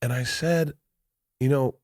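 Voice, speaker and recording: A man's voice: medium pitch, fairly even intonation, unhurried, a little mellow, no echo, clean studio sound. A middle-aged man hosting a podcast, telling stories in a rambling, restart-filled way with plenty of swearing. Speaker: podcast host. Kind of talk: casual chat.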